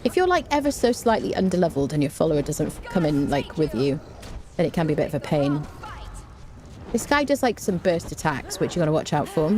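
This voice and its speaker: A woman's voice: low-pitched, very animated, fairly quick, darkish tone. A woman streamer giving chatty, rambling live commentary while she plays a game, often saying "there you go.".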